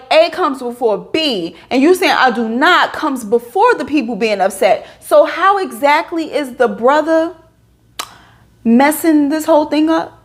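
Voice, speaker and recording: A young woman reviewing a reality show in a casual vlog, chatty and exasperated. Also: high-pitched. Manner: animated, exasperated, chatty with fillers.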